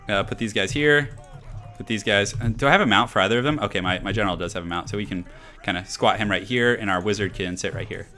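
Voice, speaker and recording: A man's voice: fairly low pitch, a little fast, sharp tone. A man casually commenting on his own game during a live stream, thinking aloud, chatting with viewers and laughing often.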